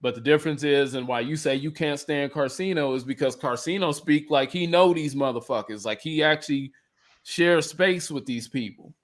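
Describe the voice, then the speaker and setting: A man's voice: fairly high pitch, normal speed. A man co-hosting a podcast, ranting in a profane, heated way in casual chat. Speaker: podcast co-host.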